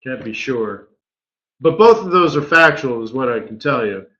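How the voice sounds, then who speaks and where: A man's voice: mid-range voice, expressive, moderate pace, fairly bright tone. A man, a forex market strategist, talking casually through a live trading webinar and tossing in rhetorical "right?" questions. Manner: chatty, keeps asking rhetorical "right?". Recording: dull lo-fi webinar audio.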